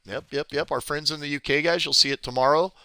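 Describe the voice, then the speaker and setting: A gameplay streamer from California, USA, chats casually with viewers during a game walkthrough on a live stream, rambling and greeting people as he goes. His voice is a little high, steady, quick, pushed and bright, with slight background noise.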